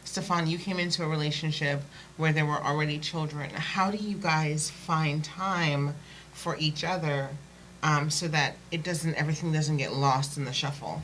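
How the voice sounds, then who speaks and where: A woman's voice: sits low, fairly even intonation, normal speed, a little hiss or hum, rough recording. A woman hosting a casual interview, asking questions and responding with encouraging sounds. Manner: warmly encouraging, lots of affirming sounds. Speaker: host.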